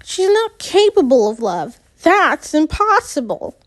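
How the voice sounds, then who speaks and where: A woman voicing a sharp-tongued, mocking teenage girl. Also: sits high, big pitch swings, unhurried, pitched above the performer's own voice. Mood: scornful. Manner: mocking, huffy, loud.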